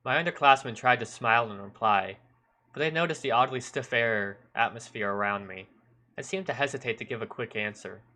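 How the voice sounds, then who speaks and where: A man with a bright, sharp timbre reads a story aloud in measured first-person narration. He now and then stumbles and corrects himself. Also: medium pitch. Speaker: streamer. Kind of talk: reading a visual novel aloud.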